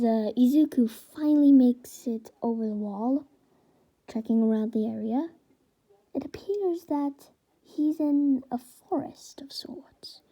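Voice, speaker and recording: Slow breathy woman telling a fan story. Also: fairly high pitch, mellow, low-quality recording. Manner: hesitant, many fillers and restarts. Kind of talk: improvised fan story narration.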